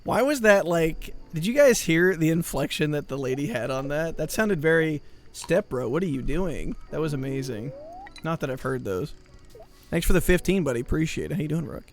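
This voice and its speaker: A man's voice: on the high side, lively intonation, brisk, soft background music. A man streaming live, chatting with his viewers in a rambling, joking, mock-exasperated way. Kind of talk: casual chat with viewers.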